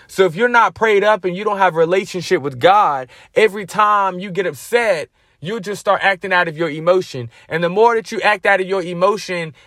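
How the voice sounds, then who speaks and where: A man's voice: high-pitched, fairly bright tone, dry recording, studio quality. A man hosting a podcast, telling a personal faith story in a casual, slangy way with many restarts. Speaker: podcast host.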